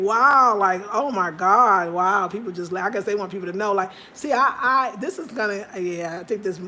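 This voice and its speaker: An American woman chats on a casual livestream, spinning stories for her viewers in an even, mid-pitched voice. She keeps jumping into high, animated little cries when she acts out what other people said. A faint hum of ambient noise sits behind her. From United States. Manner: animated storytelling, acting out quotes in high cries; chatty, talks straight to viewers. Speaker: livestream host.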